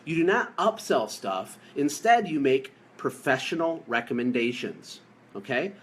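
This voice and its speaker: A man from the United States giving an energetic, jokey coaching talk on a live stream, repeating his key points for emphasis. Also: mid-range voice, unhurried. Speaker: business coach.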